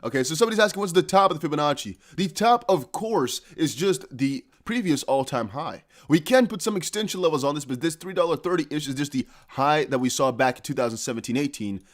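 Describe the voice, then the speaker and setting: A man hosting a live crypto price stream, talking fast and excited with laughs and chanted hype lines. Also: a little high. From Netherlands. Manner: hyped, laughing, breaks into chanting.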